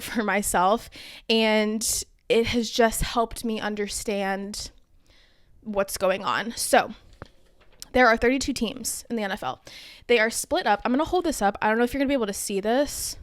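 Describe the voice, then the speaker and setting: A woman's voice: on the high side, no room sound. A young woman hosting a podcast, casually explaining a topic in a chatty, self-deprecating way with plenty of fillers. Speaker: podcast host.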